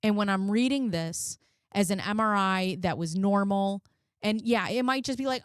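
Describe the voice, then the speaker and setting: Woman, forties, commentary host; blunt, swears a lot, dry close sound, middle pitch. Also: normal speed, clean tone, dry recording. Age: 40s. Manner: blunt, frequent swearing, emotional. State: close to tears. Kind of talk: casual commentary and personal storytelling.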